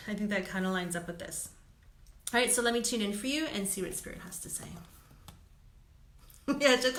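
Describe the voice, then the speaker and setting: Bright-voiced woman giving chatty card readings. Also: fairly high pitch, animated, moderate pace, roomy sound. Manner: chatty, laughs often, says "okay?" a lot. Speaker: intuitive card reader. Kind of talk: live-stream card readings.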